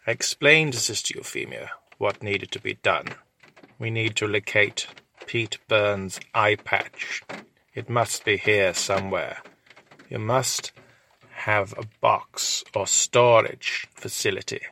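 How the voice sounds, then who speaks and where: A man improvising a crude comic story in a deadpan, rambling way. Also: on the low side, a little hiss or hum. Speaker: storyteller host.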